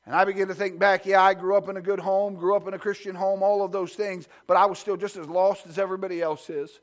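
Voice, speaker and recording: High-voiced man preaching a fervent sermon. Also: flat delivery, quick pace. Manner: fervent, builds through repeated phrases; asks the congregation rhetorical questions.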